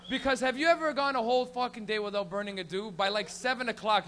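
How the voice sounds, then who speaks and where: A man with a high, bright, forceful voice hosts a comedy open mic in a small lounge. He rambles through profane stories on a stage mic, with a faint hum behind him. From Canada. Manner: profane, rambling, rapid storytelling. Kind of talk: stand-up comedy and hosting.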